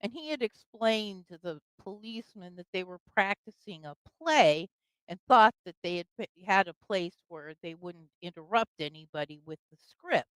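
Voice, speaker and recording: A woman's voice: fairly low pitch, lively intonation, moderate pace, clear, resonant tone, dry recording, poor audio. An older woman telling a personal story in casual conversation, with fillers and laughs. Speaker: guest storyteller.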